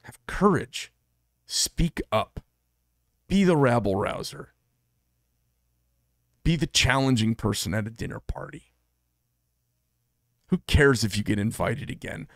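A man's voice: mid-range voice, animated, slow, creaky, pauses often, dry recording, studio quality. A middle-aged American man who makes knives, talking alone to camera in a blunt, combative, profane manner. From United States. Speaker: knife maker and channel host. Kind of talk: solo monologue to camera.

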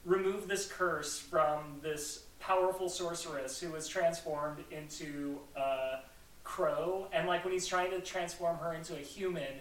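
A podcast host, a man, rambles through casual chat with plenty of "like" fillers. His voice is bright and a little high, and it sits in an echoey room some way from the mic. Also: steady tone, unhurried, recorded from a distance.

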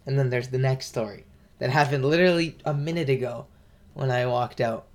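Young man, podcast co-host, rambling storyteller, average pitch. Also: brisk. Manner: rambling storyteller, lots of fillers. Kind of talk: casual chat.

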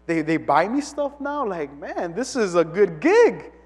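Humble quiet prophet guy, preacher doing the voice, soft, lots of hall echo. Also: high-pitched, big pitch swings, a little slow, heavily acted. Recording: long reverb of a large hall.

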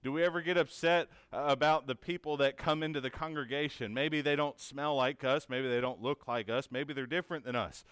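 A man's voice: mid-range voice, fairly even intonation, fairly quick, few pauses, a bit bright, clean tone, no room sound. A man teaching a conversational Bible lesson in an earnest, encouraging way, asking many rhetorical questions and often checking in with "right?".

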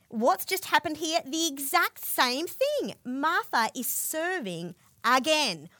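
A woman preaching a sermon in a fairly high voice that swings up and down, vivid and expressive as she walks through a scripture story. The recording is dry and close, with no room sound. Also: dry recording. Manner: expressive storytelling, asks listeners to imagine the scene.

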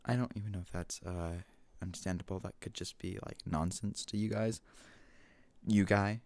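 Low gravelly man rambling. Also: steady tone, moderate pace, dry recording. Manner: rambling, self-mocking, goofy asides. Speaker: solo podcaster. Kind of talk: casual solo rambling. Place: home room with washer and dog. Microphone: desk mic with gain control.

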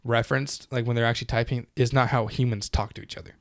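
A man's voice: medium pitch, quick pace, no echo. Guy on a podcast, swears a ton, rambly and worked up, dry close mic. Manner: heavy swearing, animated, rambling. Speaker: podcast co-host. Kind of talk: casual podcast chat.

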